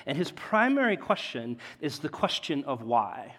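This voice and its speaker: A man preaching a sermon as a pastor, in a conversational way, often checking in with "right?" and swinging between loud emphasis and quiet asides. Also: medium pitch, sing-song, a little slow, hardly any pauses. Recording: long hall reverb.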